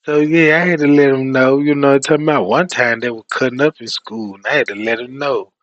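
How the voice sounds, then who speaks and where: A man streaming who tells comedic stories in an animated, profane way and laughs often. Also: medium pitch, quick pace, no room sound, lo-fi sound. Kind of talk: comedic storytelling rant.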